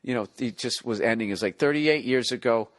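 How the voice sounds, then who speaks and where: A man in his forties with a Boston accent, hosting a casual comedic podcast chat, profane and quick to laugh. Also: medium pitch, dry recording. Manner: animated, profane storytelling with bursts of laughter. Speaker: podcast host.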